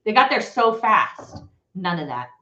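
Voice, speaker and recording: Her medium-pitched voice swings widely in pitch and sounds pushed and bright, though she talks a little slowly. The Texas woman hosting this livestream is heated and blunt, swearing and calling viewers y'all, in an echoey, slightly dull-sounding room.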